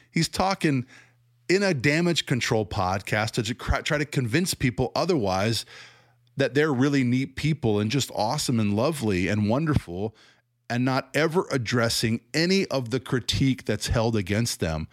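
A man's voice: medium pitch, lively intonation, moderate pace, dry recording, clean studio sound. A man with a Southern American accent giving a critical commentary monologue, sarcastic, often laughing and restarting his sentences. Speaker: commentator on church teaching.

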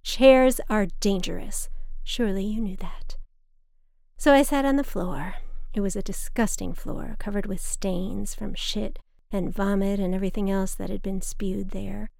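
A woman reading her own personal essay aloud in a calm, wry, measured way. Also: medium pitch, gravelly, no echo, clean studio sound. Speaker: storyteller.

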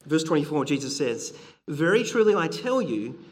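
A man's voice: fairly high pitch, very animated, moderate pace, long reverb tail. A middle-aged man preaching a sermon, earnest and conversational, with frequent fillers and restarts.

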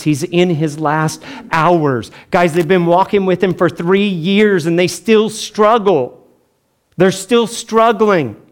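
Male pastor, chatty humorous sermon, somewhat high voice, acts out quotes. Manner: conversational and humorous, acting out quotes with big pitch swings.

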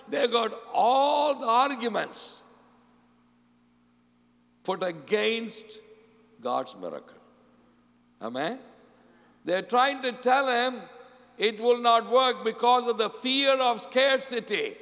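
Man, preacher, sermon, high-pitched, gravelly, acts out quoted voices, long hall reverb. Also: lively intonation, slow pace, pauses often. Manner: call-and-response, repeats "Amen?" often; acts out quoted voices, swinging from loud to soft.

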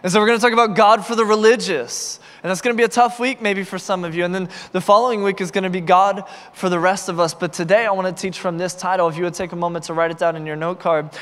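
A man's voice: sits high, quick pace, hardly any pauses, smooth, long reverb tail. A man preaching a sermon as pastor, telling stories and acting out both sides of conversations. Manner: animated, acts out dialogue in raised voice. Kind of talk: sermon with storytelling. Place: large concert venue used as church.

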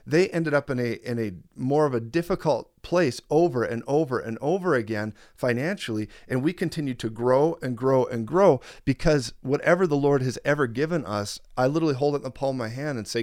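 A man's voice: mid-range voice, a little fast, hardly any pauses, darkish tone, no echo, clean studio sound. A middle-aged man preaching a sermon, telling a personal story with earnest emphasis and frequent repetition.

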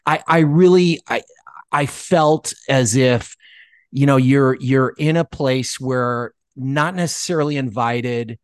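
Man, author guest, casual storytelling, halting restarts, dry close sound. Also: medium pitch, smooth, dry recording. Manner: animated storyteller who acts out quoted dialogue.

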